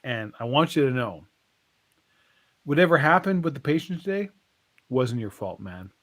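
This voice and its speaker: A man's voice: mid-range voice, big pitch swings, normal speed, fairly bright tone. A man voicing an easygoing male bartender, told inside a joke in a casual way.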